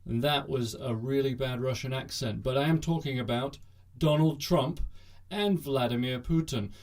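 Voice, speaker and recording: Male host, satirical news monologue, sarcastic and jokey, mid-pitched. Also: moderate pace, a little mellow. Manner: sarcastic, jokey, bursts into mock cheering.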